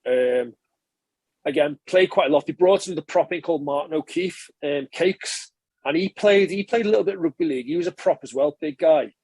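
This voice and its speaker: A fast, chatty man in his thirties tells stories from his rugby days, his voice slightly husky and pitched a touch high for a man. He wanders through memories with fillers and restarts, sounding close to the mic in a dry, dead room. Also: a little mellow, no echo. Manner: chatty, rambling recollection, frequent filler and self-correction. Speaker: former professional rugby player, podcast guest. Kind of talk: relaxed interview storytelling.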